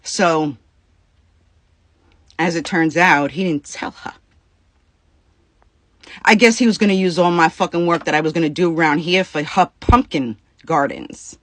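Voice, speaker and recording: A woman's voice: on the low side, unhurried, pauses often, no echo. A woman venting to her viewers about a personal dispute, upset and near tears, swearing freely and talking in bursts. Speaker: vlogger. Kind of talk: casual venting to camera.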